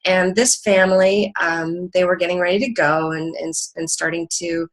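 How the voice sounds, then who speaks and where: A middle-aged woman explains a parenting idea and tells a story to illustrate it. She speaks earnestly, with frequent ums and restarts, and her voice sits a little low. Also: level tone, moderate pace, low-quality recording. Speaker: parenting educator. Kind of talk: teaching talk with an anecdote.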